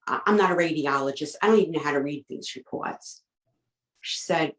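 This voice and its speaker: A woman with a low, deep voice recounts a painful personal story as a guest. She stumbles and repeats words, quoting the people she spoke with. The sound rings around an echoey room. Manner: emotional, halting retelling with quoted dialogue.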